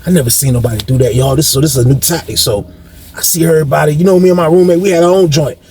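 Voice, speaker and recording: A man's voice: fairly high pitch, rapid-fire, warm tone. A man casually telling a long story in a rambling, slangy way, addressing his listeners directly.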